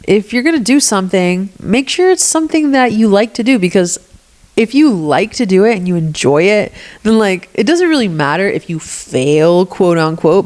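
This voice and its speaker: A woman's voice: on the low side, darkish tone. A young woman hosting a solo podcast, chatting casually and rambling with lots of fillers and self-deprecating asides. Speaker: podcast host.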